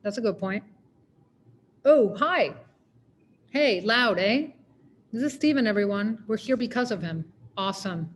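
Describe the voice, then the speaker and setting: A woman's voice: mid-range voice, lively intonation, unhurried, pauses often, a little hiss or hum. A woman poet giving a poetry reading, narrating in a wry, conversational way. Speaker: poet reading her work.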